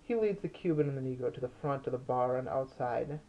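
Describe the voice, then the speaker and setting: A man's voice: medium pitch, expressive, a little fast, dull audio. A man, the author, reading his own novel aloud in a plain, unpolished way, with slips and restarts. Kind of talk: audiobook narration.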